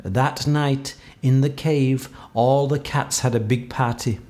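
A man reading a children's storybook aloud, expressive and playful. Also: slow. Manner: expressive, playful, swings pitch for effect. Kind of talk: storybook read-aloud narration.

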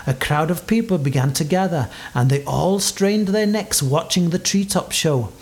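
A woman reading a children's story aloud with expressive delivery. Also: sits low, normal speed.

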